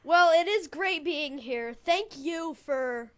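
A woman's voice: high-pitched, animated, takes it slowly. A young woman visiting a radio studio as a guest, speaking shyly and hesitantly.

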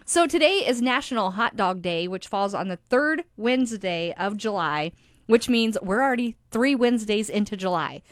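A woman's voice: mid-range voice, expressive, moderate pace, no echo. Radio dj lady w a slight lisp, chatty, dry studio sound, laughs at herself. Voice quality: slight lisp from a teeth aligner. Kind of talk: rock radio DJ patter with weather and ads. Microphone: studio microphone.

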